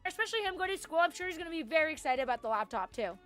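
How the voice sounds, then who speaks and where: Bright, high-voiced chatty woman streamer. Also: animated, racing, soft background music. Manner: chatty, giggly, swears freely, many fillers. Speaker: game streamer. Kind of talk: casual live-stream chat.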